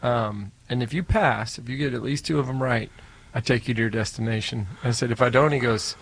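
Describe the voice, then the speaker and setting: A man hosting a casual chat and telling a laid-back story with a gravelly, husky voice. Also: mid-range voice, fairly quick, rough recording. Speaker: podcast host.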